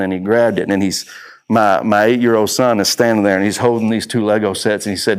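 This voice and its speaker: A man's voice: lowish voice, steady tone, fairly quick. A middle-aged man giving a conference talk, telling stories and repeating key lines for emphasis. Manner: storytelling, emphatic repetition. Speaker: speaker. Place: conference room.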